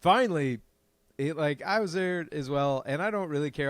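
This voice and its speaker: A man, a comedian and podcast co-host, telling a profane story in lively casual chat. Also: a little high, moderate pace, no room sound. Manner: animated, profane, acts out other people's lines.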